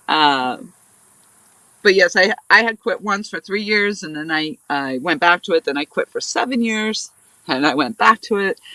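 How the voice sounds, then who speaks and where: A woman's voice: sits low, a bit bright, no room sound, rough recording. A woman hosting a fishing livestream, chatting in a rambling, casual way and sounding stuffy and nasal from blocked sinuses. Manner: rambling, chatty, laughs often. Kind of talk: casual live-stream chat. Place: outdoors by a river.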